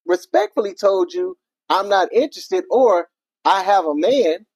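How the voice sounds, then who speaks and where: A woman's voice: mid-range voice, big pitch swings, darkish tone, no room sound. A woman co-hosting a casual podcast chat, playful and teasing with her partner. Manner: playful, teasing, quick reactions. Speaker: podcast co-host.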